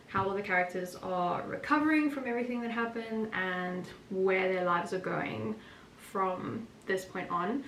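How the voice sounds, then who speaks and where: A woman's voice: a bit bright, distant mic. Chatty woman vlogger in a roomy echo. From South Africa. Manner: chatty, rambling, laughs often. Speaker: author vlogger. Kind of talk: casual vlog chat. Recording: roomy echo, voice from off-mic, faint rumble.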